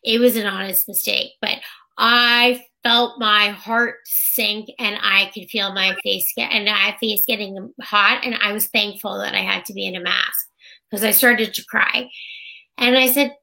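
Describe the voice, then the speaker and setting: Bright, gravelly-voiced woman telling stories. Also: mid-range voice, fairly even intonation, unhurried. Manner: chatty, acts out others' lines while telling stories. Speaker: interview guest. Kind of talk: casual personal storytelling.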